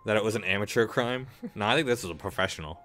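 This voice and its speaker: A man commenting live on a video game, thinking aloud and hesitating as he weighs his choices. His voice is very deep. A faint hiss sits behind him. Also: fast talker, fairly bright tone. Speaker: streamer.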